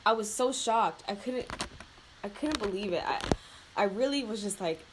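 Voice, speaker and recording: Chatting casually over her makeup routine, a young beauty vlogger talks at a moderate pace in an animated, mid-range voice. She sounds emotional and near tears, using lots of fillers and laughing often, against a noisy background.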